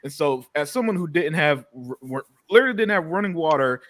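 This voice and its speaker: Casual podcast host, a man in his thirties: a bit high, very dry recording, stammers and restarts constantly. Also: brisk, no echo. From United States. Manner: animated, stammers and repeats words, swears freely.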